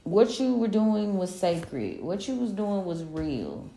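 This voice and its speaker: A woman's voice: medium pitch, very animated, takes it slowly, creaky, dark tone, roomy sound. A woman giving a casual collective tarot reading, talking in a loose, slangy pep-talk way. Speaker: tarot reader.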